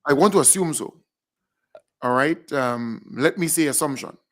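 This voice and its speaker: A man co-hosting a live online talk show, chatting easily with pauses and asides. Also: on the high side, fairly bright tone. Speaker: co-host. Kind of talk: casual live chat.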